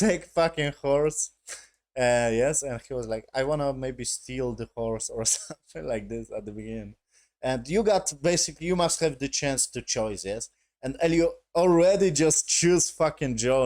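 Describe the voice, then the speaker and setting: Excitable swearing man recapping a show. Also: medium pitch, dry recording. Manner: excitable, swears often, non-native phrasing with filler "yes?". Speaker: show reviewer. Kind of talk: casual recap and review.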